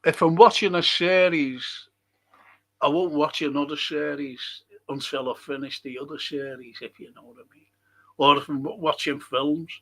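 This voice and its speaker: Slow, grumbling older English host. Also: male voice, on the high side, fairly bright tone. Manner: grumbling, swears a lot, moaning. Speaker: livestream host. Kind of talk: casual live chat reading viewer comments.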